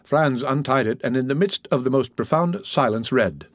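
A man narrating a classic novel as an audiobook, reading in a measured, even way. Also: medium pitch, no echo, clean studio sound.

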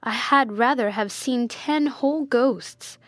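A woman's voice: fairly high pitch, slow pace, fairly bright tone, no room sound, studio quality. A woman voicing a panicked male castle servant in a storybook reading.

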